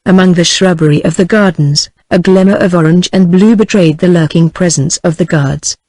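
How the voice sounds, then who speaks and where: A text-to-speech woman's voice with a British English accent, reading a novel aloud as an audiobook narrator in an even, measured way. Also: fairly low pitch, dry recording, poor audio. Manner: even, evenly paced synthetic reading.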